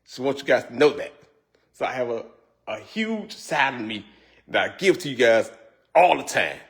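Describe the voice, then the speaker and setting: A man's voice: medium pitch, big pitch swings, normal speed. A man hosting a casual cooking livestream, joking and laughing often as he chats to viewers. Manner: loose, joking, laughs often, says y'all. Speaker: cooking show host.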